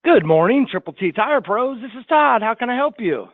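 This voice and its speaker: Male trainee, high animated voice, hesitant, tinny phone line. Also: moderate pace, dry recording. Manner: hesitant, with "uh" fillers. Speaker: sales trainee. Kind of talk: role-play phone practice.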